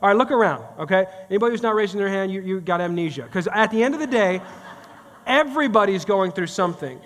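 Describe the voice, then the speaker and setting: A man's voice: high voice, lively intonation, fast talker, a bit bright. A pastor in his thirties or forties preaching a sermon in a church, talking in a conversational, joking way and speaking straight to the congregation. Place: church sanctuary. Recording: long reverb of a church hall.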